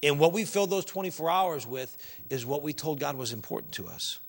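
A man preaching a sermon as pastor, swinging from loud exhortation to quiet earnest asides and acting out objections from the pews. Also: animated, brisk, vocal fry. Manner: acts out congregation objections in a higher voice.

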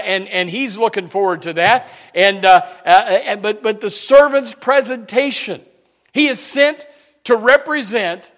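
Male preacher, slightly higher voice, fervent sermon delivery with loud peaks and hushed lows, frequent restarts. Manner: many restarts and repeated words; reads scripture in old-fashioned wording.

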